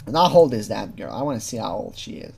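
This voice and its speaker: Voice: mid-range voice, very animated, fast, vocal fry, darkish tone, husky. A casual true crime commentator who talks freely, laughs often, swears, and mimics the people being quoted.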